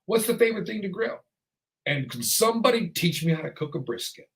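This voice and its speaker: A man's voice: high voice, sing-song, a little fast, fairly bright tone. A man hosting a talk show, ranting through his commentary in a sarcastic way.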